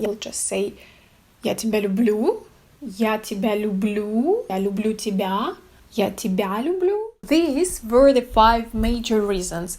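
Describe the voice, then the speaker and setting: A woman with a Russian accent teaches to camera, her voice sitting a little high. She is a native Russian speaker who explains things slowly and carefully, with small laughs between points. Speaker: language teacher.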